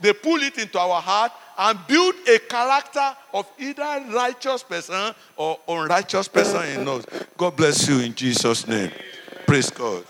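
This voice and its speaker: A man's voice: high-pitched, animated, moderate pace, creaky, a bit bright, in a large hall, slight background noise. A middle-aged man with a Nigerian accent, a pastor preaching a sermon and telling stories, often saying "Praise God.".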